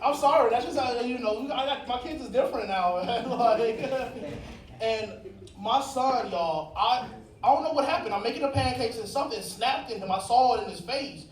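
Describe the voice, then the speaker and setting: Stand-up comic, high-pitched, crude storyteller, echoey club with a loud laughing crowd. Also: male voice, expressive, moderate pace, far from the mic. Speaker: stand-up comedian. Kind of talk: stand-up set. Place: comedy club stage. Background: audience laughter.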